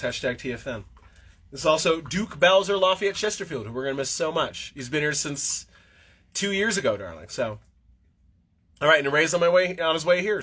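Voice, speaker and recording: A worn-out man hosts a casual livestream, rambling bluntly and swearing freely. His voice sits a touch high and rings bright and forceful. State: tired. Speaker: livestream host.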